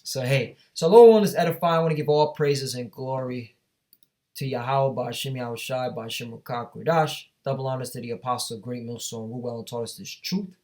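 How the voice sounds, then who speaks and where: A man's voice: medium pitch, moderate pace, a little mellow. A man teaching from scripture, reading verses aloud and then commenting on them emphatically while often checking in with his listeners. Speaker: Bible teacher.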